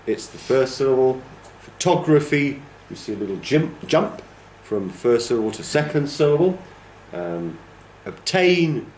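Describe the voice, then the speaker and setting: The speaker is a TESOL course trainer, a man whose voice sits on the low side with a dark tone. Lecturing his class, he patiently explains and draws out words to exaggerate their stress. The room echoes noticeably, and a little hiss or hum runs underneath.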